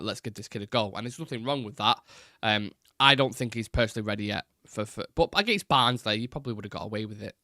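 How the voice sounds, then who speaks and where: Young male host, live fan show chat; bright, close, dry voice, talks freely with fillers. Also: mid-range voice, no room sound. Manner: chatty, frank, hesitant with fillers.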